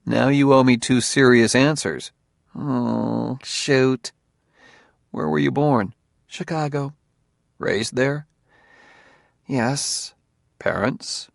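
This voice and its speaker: A man's voice: mid-range voice, extremely slow, creaky, pauses often, no echo, clean studio sound. Man voicing an earnest, probing cop. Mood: teasing. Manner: calm, quietly probing. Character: earnest, probing male police officer.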